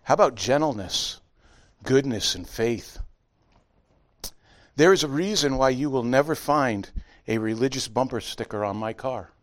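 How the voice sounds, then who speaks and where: A middle-aged man preaching a sermon as pastor, telling stories with lively impressions. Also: medium pitch, a little slow. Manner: animated storytelling with honking impressions.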